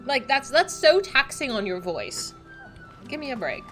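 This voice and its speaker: A woman's voice: sits high, very animated, measured pace, a bit bright, soft background music. A woman livestreaming a video game, giving casual, chatty commentary with playful, exaggerated reactions. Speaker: livestream gamer.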